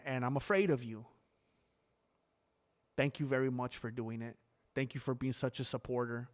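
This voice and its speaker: Excitable man hosting a live stream. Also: medium pitch. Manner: excitable, joking, chatty asides to viewers. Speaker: live-stream host reacting to a fight broadcast. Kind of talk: casual live-stream commentary.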